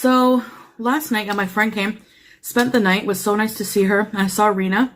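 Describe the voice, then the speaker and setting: A breathless, slightly wheezy woman rambles through a casual vlog, piling on fillers and asides. Her voice sits at an ordinary middle pitch. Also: level tone, normal speed, a bit bright, slight background noise. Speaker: vlogger. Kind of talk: casual show-and-tell vlog.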